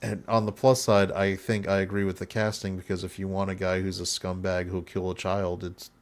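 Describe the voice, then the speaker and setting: A man's voice: deep voice, flat delivery, a little fast. A man hosting a podcast in casual chat, blunt and opinionated, often laughing. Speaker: podcast host.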